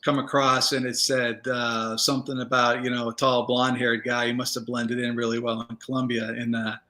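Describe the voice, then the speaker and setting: A man, a former federal agent, telling stories in a casual interview, relaxed and rambling with many fillers. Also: mid-range voice, normal speed.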